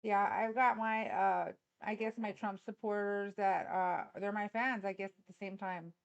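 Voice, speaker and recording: On a phone live stream from a hot room indoors, a woman hosts casual political talk, bluntly mocking her viewers and swearing a lot. Her medium-pitched voice is steady, measured, and gravelly, with a clean tone but the highs cut off.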